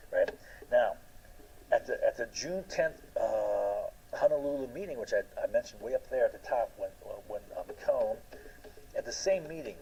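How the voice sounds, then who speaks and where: Low-voiced man lecturing with restarts. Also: mellow, slightly rough, rough recording. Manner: rambling, frequent "right?" and restarts. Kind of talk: classroom lecture.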